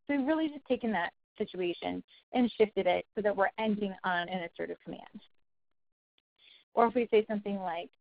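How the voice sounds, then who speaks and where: A woman giving a recorded training talk for caregivers, explaining clearly and acting out example phrases. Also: mid-range voice, moderate pace. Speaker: early childhood trainer. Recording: dry, phone-like narrow sound.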